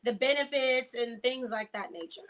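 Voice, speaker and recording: Bright lively woman hosting a video chat. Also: a little high, moderate pace. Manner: lively storyteller, laughs often, uses slang. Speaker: host. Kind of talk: casual chat. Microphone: video call.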